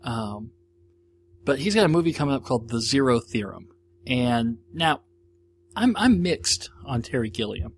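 An American man talks alone into his podcast mic, chatty and enthusiastic as he reviews films. He rambles along with plenty of restarts, at an ordinary pitch for a man, while a faint hum sits behind him. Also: sing-song, measured pace. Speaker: podcast host reviewing movies. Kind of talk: casual solo monologue. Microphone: audio-only recording, no video.

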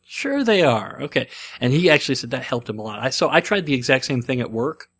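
Middle pitch male storyteller in his forties, loose and digressive, casual delivery. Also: quick pace, a bit bright, breathy edge. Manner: rambling, digressive.

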